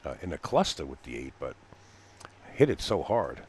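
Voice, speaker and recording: Low-voiced chatty pool commentator man. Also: very animated, moderate pace, a little mellow, slightly rough. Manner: chatty, folksy, laughs easily, frequent fillers. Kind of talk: live sports commentary. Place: pool hall commentary booth.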